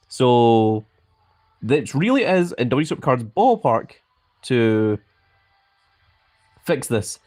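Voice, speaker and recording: A Scottish man hosting a live stream, his pitch swinging up and down as he talks. He speaks with a grand manner and sounds out every word with care. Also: very animated, slow pace, long pauses, a little mellow. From Scotland. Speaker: mobile game live streamer. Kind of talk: live stream chat reading.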